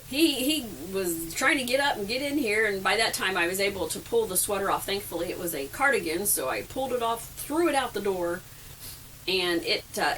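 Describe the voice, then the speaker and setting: A woman's voice: medium pitch, a bit bright. A middle-aged woman telling rambling, self-deprecating camping stories in a casual vlog, laughing often, recorded inside a camper. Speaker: vlogger. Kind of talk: casual storytelling. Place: camper trailer. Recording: distant mic with faint background noise.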